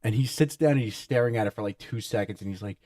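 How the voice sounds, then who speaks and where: A man's voice: lowish voice, fast, dark tone, dry recording, clean studio sound, distant mic. A man casually telling a story, quoting other people's lines in a laid-back podcast chat. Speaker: podcast co-host.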